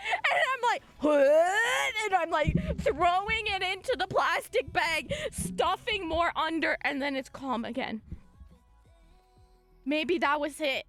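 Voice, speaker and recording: A woman streamer telling a long story to her chat in an excitable way, breaking into shrieks and laughter. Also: extremely high pitch, unhurried, hardly any pauses, soft background music.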